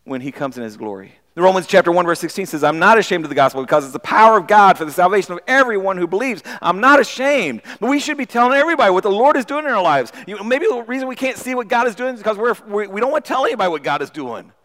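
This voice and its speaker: Guy giving an animated sermon, fairly high voice, long hall echo. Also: very fast, few pauses. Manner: animated, acts out voices of people in the story; repeats words when starting sentences. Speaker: pastor.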